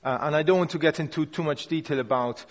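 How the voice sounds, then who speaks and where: A man's voice: fairly high pitch, fast talker. A man giving an informal sermon, talking through a passage in a conversational, unpolished way, often restarting phrases. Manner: conversational and unpolished, with frequent restarts and hedging words. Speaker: preacher. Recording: long hall reverb.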